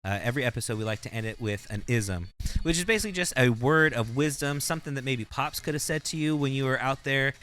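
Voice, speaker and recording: Guy hosting a podcast, bright voice, little hum in the room behind. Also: mid-range voice, fast, hardly any pauses. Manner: relaxed, rambling questions with fillers. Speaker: podcast host. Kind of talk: casual podcast interview.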